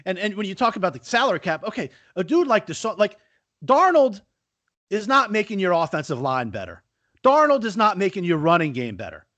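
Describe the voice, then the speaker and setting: Male podcast co-host, high lively voice, dry close mic, keeps arguing with rhetorical questions. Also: brisk, no room sound. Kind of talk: casual sports betting podcast chat.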